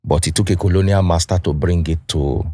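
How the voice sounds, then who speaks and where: A man hosting a podcast interview, building long questions in a measured way. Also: low-pitched, steady tone, mellow. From Nigeria. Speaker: podcast host.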